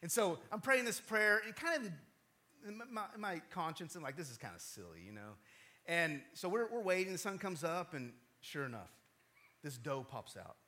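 A man preaching a sermon, telling a personal story in an animated, conversational way and often checking in with his listeners. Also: high voice, moderate pace. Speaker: pastor.

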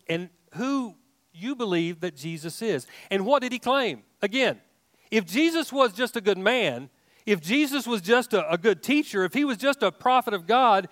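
Man, pastor, sermon, high voice, dry close sound, emphatic, repeats himself. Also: fairly bright tone, no room sound. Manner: emphatic preaching with rising questions and many restarts.

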